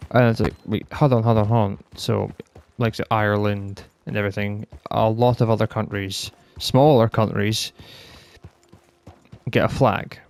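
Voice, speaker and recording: A young Scottish man with a strong northern Scottish accent rants in a heated, casual way, swearing freely. His voice sits fairly low and carries a gravelly fry. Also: steady tone, moderate pace, a little mellow. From Scotland. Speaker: podcast rambler. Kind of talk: casual rant.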